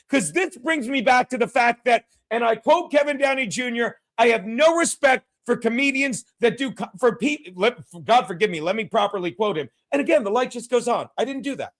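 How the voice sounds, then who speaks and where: High-voiced man ranting profanely. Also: brisk, few pauses, a bit bright. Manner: profane, ranting, acts out quotes. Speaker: podcast host. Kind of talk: casual storytelling chat.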